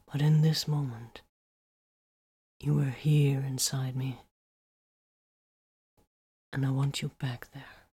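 A woman reading the part of a gentle, persuasive man, keeping her voice to a soft, breathy murmur. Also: a bass voice, fairly even intonation, slow, long pauses, dry recording, clean studio sound, heavily acted. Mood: tender. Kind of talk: audiobook character reading.

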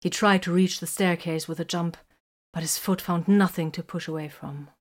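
Low-voiced woman narrating a story. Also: fairly even intonation, moderate pace. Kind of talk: scripted narration.

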